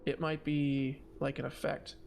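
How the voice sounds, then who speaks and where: Halting male game master, mid pitch. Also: little pitch movement, gravelly, a little mellow, slight background noise. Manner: halting, full of fillers and restarts. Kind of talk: running a tabletop game.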